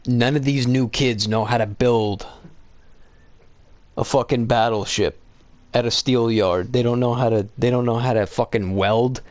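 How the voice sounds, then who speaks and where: A man co-hosting a casual gaming chat, telling stories in a profane, animated way. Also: medium pitch, a little slow, no room sound. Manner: profane, animated storytelling with voiced quotes. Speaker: co-host gaming with his brother.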